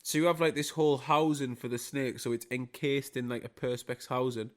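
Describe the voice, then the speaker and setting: A man's voice: medium pitch, fairly even intonation, a little fast. A man, co-hosting a podcast with teasing, sweary banter. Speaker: podcast co-host. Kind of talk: casual chat.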